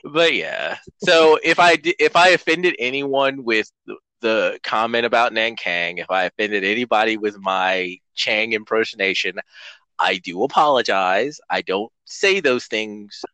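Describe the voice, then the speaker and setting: A man's voice: fairly low pitch, measured pace, pushed and bright, clean tone, no room sound, poor audio. A man co-hosting a casual podcast while gaming, rambling and joking with frequent laughter. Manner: laughs often, rambling, jokey and apologetic. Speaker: podcast co-host. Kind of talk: casual chat while playing a video game.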